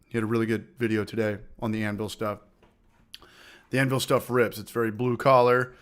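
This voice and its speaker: A man hosting a casual homebrewing livestream with a loose, profane manner, repeating phrases, giving shout-outs and now and then fighting off a smoker's cough. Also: on the low side, level tone, fairly quick, smooth. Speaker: livestream host of a homebrewing channel. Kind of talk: casual livestream chat, reading out viewer comments.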